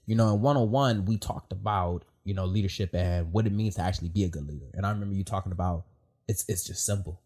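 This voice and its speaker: A man with a low, slightly husky voice hosts a podcast. He tells stories in an animated, emotional way, full of fillers and casual swearing. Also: fast. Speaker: podcast host. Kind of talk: casual heartfelt chat.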